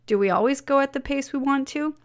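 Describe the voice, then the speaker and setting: A woman's voice: sits high, brisk. A woman reading her weekly blog memo aloud as a personal letter, upbeat and encouraging.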